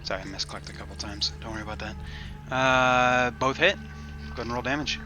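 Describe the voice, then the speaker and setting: A man narrating as game master of a tabletop game, easygoing and casual, with many pauses. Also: mid-range voice, music in the background. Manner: easygoing, casual, says "uh" often.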